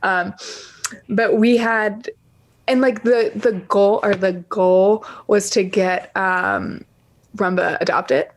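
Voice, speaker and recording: A woman's voice: medium pitch, takes it slowly. Chatty woman telling a story. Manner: chatty, animated, many "like" fillers. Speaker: podcast guest, author. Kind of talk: casual storytelling chat.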